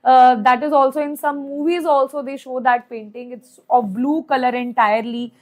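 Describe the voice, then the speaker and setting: A woman's voice: high voice, steady tone, normal speed. A young woman with an Indian English accent teaching chemistry in an online exam-prep lecture, chatty, repeating her points and asking "right?" again and again. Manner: chatty, repeats points, asks "right?" often, mixes in Hindi.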